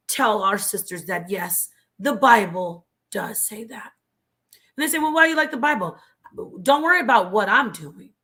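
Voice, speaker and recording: A woman with a mid-range, pushed, bright voice appears as a talk show guest, a former member of a religious group telling her story. She is passionate and preachy, sometimes dropping to a whisper for emphasis.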